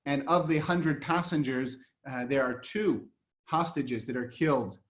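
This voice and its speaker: A man's voice: mid-range voice, measured pace. A man giving an online history lecture over a video call, telling events as an emphatic story.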